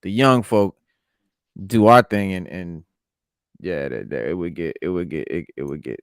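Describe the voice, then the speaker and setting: A man's voice: sits low, normal speed, clear, resonant tone, no echo, clean studio sound. A man from New York co-hosting a podcast, telling stories in a laid-back, slangy way. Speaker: podcast co-host. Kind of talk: casual chat.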